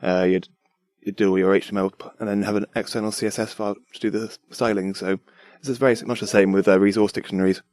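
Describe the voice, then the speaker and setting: A man's voice: lowish voice, steady tone, fast talker, a little mellow, no room sound. A young man, a designer, chatting eagerly about his work in a rambling way with fillers. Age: young adult. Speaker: designer guest. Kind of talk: casual tech chat.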